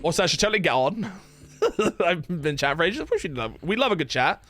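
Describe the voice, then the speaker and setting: A man's voice: fairly high pitch, very animated, fast talker, a bit bright, slight background noise. A man chatting casually on a live game stream, rambling, laughing and swearing freely. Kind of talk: casual live-stream chat while gaming.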